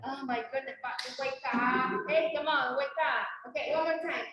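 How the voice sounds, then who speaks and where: High-voiced teacher in echoey classroom. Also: female voice, normal speed, far from the mic, muffled recording, a crowd in the background. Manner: energetic, coaxing students to repeat. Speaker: English teacher. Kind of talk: classroom drill, mixing Spanish and English. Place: classroom, indoors.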